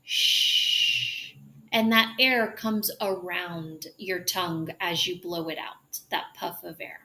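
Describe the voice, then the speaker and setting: A woman teaching English pronunciation, demonstrating sounds slowly and drawing out hushing noises. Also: fairly low pitch. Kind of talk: pronunciation lesson.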